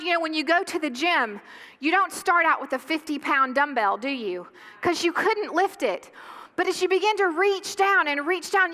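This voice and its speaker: A woman pastor preaches from the pulpit of a church sanctuary, her high voice ringing bright and clear. She drives her points home with passion, slowing down and pausing for effect on key phrases. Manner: impassioned, emphatic preaching with dramatic pauses. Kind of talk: sermon.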